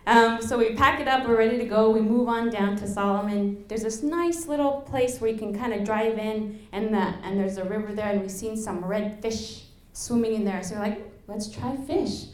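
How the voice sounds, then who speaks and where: A young woman from Alaska telling a lively personal story to an audience, laughing and acting out the quotes. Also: on the high side, moderate pace, hardly any pauses. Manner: animated, laughing, acts out quotes. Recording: echoey room.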